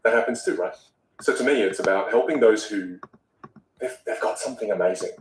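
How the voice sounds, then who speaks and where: A man talking as a vocal coach in a podcast conversation, animated and acting out example voices. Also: on the low side, a little fast, echoey room, recorded from a distance, slight background noise, poor audio.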